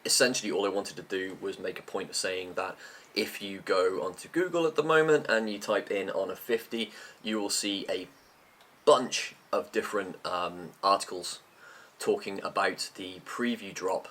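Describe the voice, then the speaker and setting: A man's voice: sits low, normal speed, a bit bright. A middle-aged man vlogging in an unscripted, rambling chat about tech, sometimes talking with his mouth full.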